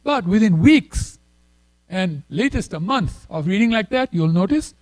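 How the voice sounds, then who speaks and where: A man's voice: high-pitched, expressive, unhurried, darkish tone, no room sound, poor audio. A man giving a sermon at a temple, telling stories in a conversational way with chuckles and asides. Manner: conversational, many fillers and "right?". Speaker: temple speaker.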